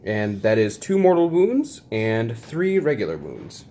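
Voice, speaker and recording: A man's voice: mid-range voice, wildly swooping pitch, measured pace, dark tone, slight background noise. A man playing a tabletop wargame, narrating his dice rolls in a casual, playfully exasperated way, with little sound effects as he rolls. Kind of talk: casual play-by-play of a tabletop game.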